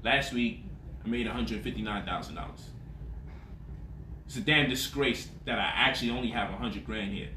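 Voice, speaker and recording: A man's voice: lowish voice, moderate pace, pauses often, sharp tone, a little hiss or hum. A man talking as a money vlogger in a casual, boastful monologue, swaggering and profane. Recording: roomy echo, voice off-mic.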